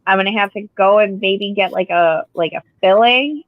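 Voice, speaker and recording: A woman's voice: medium pitch, normal speed, dry recording. Woman, rambling casual storyteller, dry close sound, slightly muffled. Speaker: podcast co-host. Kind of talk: casual chat.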